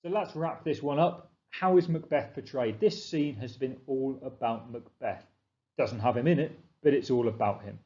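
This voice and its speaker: Male teacher, mellow low-ish voice, explanatory revision lesson, slightly lo-fi voice-over. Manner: explanatory, emphatic, reads quotes slowly.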